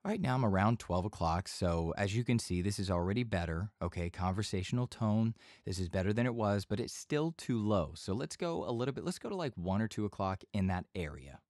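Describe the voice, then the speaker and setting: A man's voice: lowish voice, animated, brisk, hardly any pauses, darkish tone, no room sound. A man casually explaining voice-over recording levels as an instructor, talkative and easygoing, with fillers and repeats, recorded on a studio microphone.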